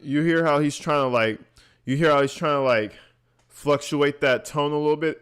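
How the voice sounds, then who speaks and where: A man's voice: fairly high pitch, brisk, a bit bright, clear, resonant tone, faint music behind. A man giving blunt, profane reaction commentary, mocking what he hears and laughing often. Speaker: online commentator reacting to recordings.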